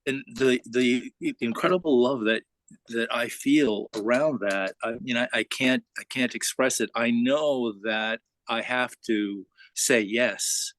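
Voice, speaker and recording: A man speaks slowly in a spiritual sharing circle, pausing and restarting as he searches for the right words. His voice sits dry and close. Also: mid-range voice, a bit bright, dry recording, poor audio. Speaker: participant.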